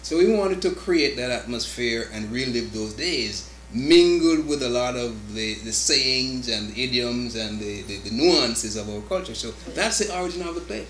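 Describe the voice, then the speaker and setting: A man's voice: mid-range voice, animated, moderate pace, hardly any pauses, fairly bright tone, slight background noise. A man with a Jamaican accent, a guest in a studio interview, explaining earnestly. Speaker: co-writer guest. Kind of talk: interview chat. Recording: echoey studio.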